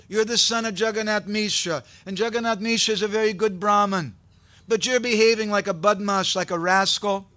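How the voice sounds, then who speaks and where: A man doing a shrill, scolding old scholar. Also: fairly even intonation, brisk, pushed and bright. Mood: indignant.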